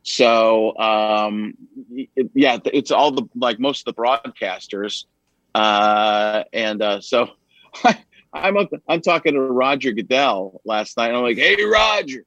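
A man's voice: medium pitch, unhurried, dry recording, highs cut off. A man, a guest comedian and impressionist, chatting casually and telling stories while slipping into voices. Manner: animated storyteller who slips into voices. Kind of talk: casual chat.

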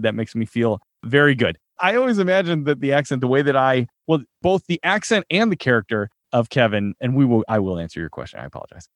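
Chatty, animated storyteller man. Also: medium pitch, no echo, studio quality. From Chicago suburbs, US Midwest. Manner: animated storyteller, laughs while talking. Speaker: actor, interview guest. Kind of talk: casual interview.

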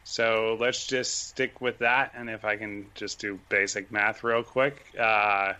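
A man's voice: lowish voice, fairly even intonation, slow pace, sharp tone, clear, resonant tone, dull audio. A man chatting casually as a guest on a podcast, rambling with fillers and restarts. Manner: chatty, self-deprecating, many fillers and restarts.

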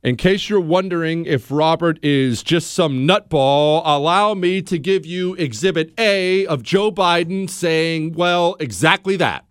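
A man hosting a call-in radio show, indignant and incredulous, swinging from low mutters to loud outbursts into a studio microphone. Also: a little slow, hardly any pauses, clear, resonant tone, no echo. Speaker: radio talk show host. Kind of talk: opinionated call-in talk radio.

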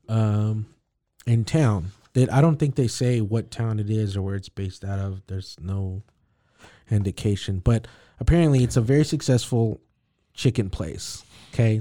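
A man's voice: fairly low pitch, mellow, no room sound, studio quality. A man co-hosting a podcast, casually recapping a comic book plot and acting out the characters' lines as he goes. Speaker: podcast co-host.

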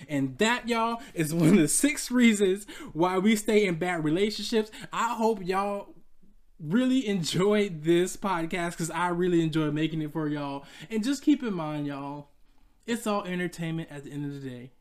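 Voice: mid-range voice, normal speed. Playful podcast host. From Georgia, USA. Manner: playful and chatty, laughs often, talks straight to listeners. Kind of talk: casual solo podcast monologue.

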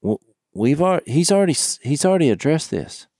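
A man's voice: fairly high pitch, very animated, brisk, a little mellow, no echo. A man talks earnestly about scripture and reads verses aloud in a dry, close recording with no room sound. His delivery is casual but focused. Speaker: co-host of a Bible discussion podcast. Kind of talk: casual Bible study chat, reading verses.

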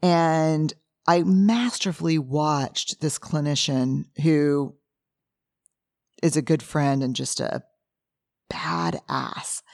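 A woman's voice: low-pitched, takes it slowly, a little mellow, no room sound, studio quality. A woman hosting a podcast, earnestly recounting a story in a casual, candid way. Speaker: podcast host.

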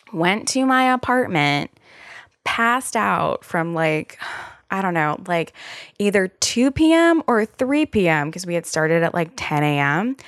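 Low gravelly-voiced woman podcaster. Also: a bit bright, no echo, clean studio sound. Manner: chatty, profane, lots of "like" fillers. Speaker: podcast host. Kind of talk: casual solo podcast storytelling.

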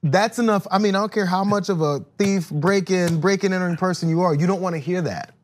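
A fast-talking man with a slightly high voice hosts a casual podcast chat. He tells stories in an animated way and laughs often. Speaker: podcast host.

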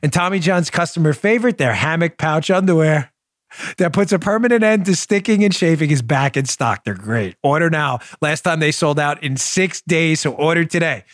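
A man's voice: on the high side, normal speed, a bit bright, no room sound, studio quality. A middle-aged man hosting a political podcast, talking emphatically and jokingly through commentary and sponsor reads. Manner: emphatic, jokey, riffs and does mock voices. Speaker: podcast host.

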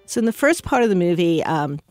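A widow telling a heartfelt personal story about grief, pausing often. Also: female voice, lowish voice, very animated, darkish tone, no room sound, studio quality, faint music behind.

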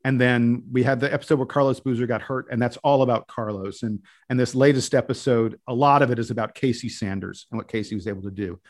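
A man guesting on a podcast, telling stories at length. His voice sits at an ordinary middle pitch. He talks eagerly and rambles, stopping and restarting his sentences as he goes. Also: fast talker, hardly any pauses, a little mellow. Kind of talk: casual podcast conversation.

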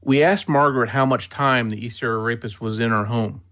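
A man narrating a documentary in a measured, scripted way. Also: medium pitch, a bit bright, muffled recording.

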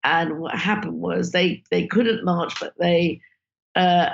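A woman, a filmmaker guest telling animated stories in an interview and acting out the people she quotes. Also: on the low side, slow, creaky, dull audio. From Britain. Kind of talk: conversational interview storytelling.

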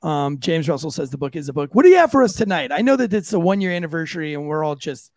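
A man hosting a podcast in casual chat, joking and teasing, with a gravelly voice. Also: on the high side, animated, quick pace, a little mellow, dry recording, studio quality. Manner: jokey, teasing. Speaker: podcast host.

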